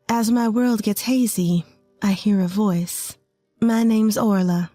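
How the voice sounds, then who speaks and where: A woman's voice: mid-range voice, takes it slowly, mellow, no echo, soft background music. A woman in her twenties from rural Texas, telling a first-person story in an earnest, plain way. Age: 20s. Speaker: narrator.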